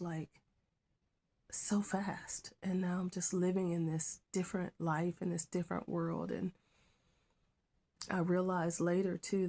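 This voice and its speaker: Woman, low pitched, personal faith testimony, soft and hesitant, slips into whispers. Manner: soft, halting, drops to a whisper at times. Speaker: schoolteacher.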